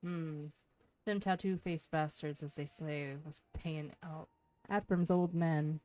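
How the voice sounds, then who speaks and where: A woman voicing a coarse, scheming male tavern keeper in a rough put-on Irish-sounding brogue, reading game lines aloud. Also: mid-range voice, moderate pace, darkish tone, no room sound, natural voice. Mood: gruff. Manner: swearing, blunt, drawled.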